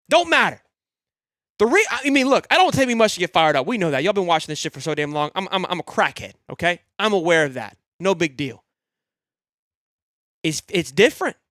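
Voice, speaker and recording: A young man hosting a live fan sports show, excitable and rambling, swearing freely and swinging from loud hype to low grumbling. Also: dry recording, clean studio sound. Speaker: sports podcast host.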